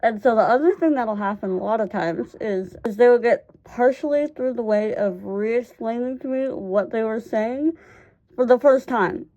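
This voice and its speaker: A woman's voice: a little high, moderate pace, warm tone. A young woman telling funny personal stories to camera in a casual vlog, laughing often and swearing freely. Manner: swears casually, many fillers. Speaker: vlogger. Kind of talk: casual storytime chat.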